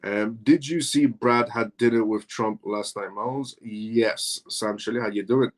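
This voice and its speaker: A man's voice: lowish voice, steady tone, measured pace. A man hosting a live crypto news show, reading articles aloud and answering comments in a loose, filler-heavy way. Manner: loose, filler-heavy talk with frequent "um" and "essentially".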